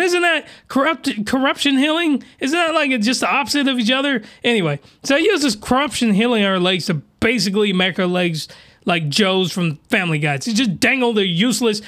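A man hosting a podcast, giving crude, animated reaction commentary that often rises into excited yelling. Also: high voice. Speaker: podcast host.

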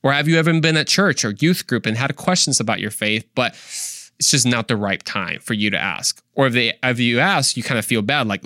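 A young man talks straight into the mic on his faith podcast, earnest and easygoing, stacking up rhetorical questions. His pitch sits in a mid range, and the recording is dry and close, with no room sound. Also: brisk, bright, forceful tone, no room sound. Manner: earnest, fires off rhetorical questions, casual slang. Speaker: podcast host.

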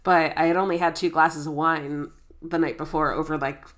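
A woman's voice: low-pitched, steady tone, fairly bright tone. A woman co-hosting a podcast in casual chat, nasal and stuffed up from a head cold, rambling and stumbling over her words over a remote call. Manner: unhurried, rambling, self-interrupting. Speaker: podcast co-host.

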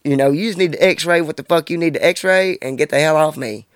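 Twenty-something guy ranting on his podcast, cusses a lot, slightly high voice, dead dry sound. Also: fairly quick, no echo. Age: 20s. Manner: blunt, profane, ranting. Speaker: podcast host. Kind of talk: casual monologue.

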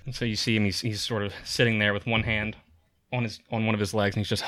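A man running a tabletop game as game master, narrating scenes in a descriptive way with frequent pauses and fillers. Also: fairly low pitch, level tone, fairly bright tone, dry recording, clean studio sound.

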